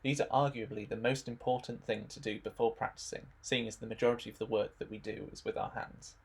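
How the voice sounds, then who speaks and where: A young man narrating a stretching warm-up demonstration in a relaxed instructional voice-over, adding dry jokes. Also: on the low side, quick pace, husky. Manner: dry, joking asides.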